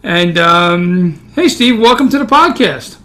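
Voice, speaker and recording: A man with a high-pitched voice and a Brooklyn accent chats casually on a podcast. He tells stories with a self-deprecating, joking edge. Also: animated, takes it slowly, pushed and bright. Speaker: podcast co-host.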